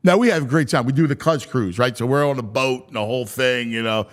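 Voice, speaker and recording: A man hosting a sports talk show, telling stories in an excitable way, his voice climbing high when he gets worked up. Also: quick pace. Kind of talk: animated podcast chat.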